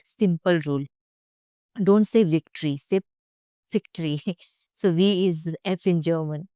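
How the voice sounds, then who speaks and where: A woman's voice: lowish voice, dark tone, clean tone, no echo. A young woman teaching German pronunciation, speaking carefully and repeating each sound for learners. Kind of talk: pronunciation lesson.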